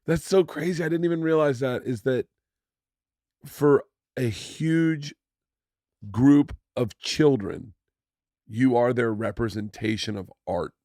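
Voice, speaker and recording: Man, middle-aged, podcast host, gravelly voice, laughs a lot, dry mic. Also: mid-range voice, takes it slowly, pauses often, darkish tone, no echo. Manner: laughs often, swears, reacts with enthusiasm. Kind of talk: casual podcast chat.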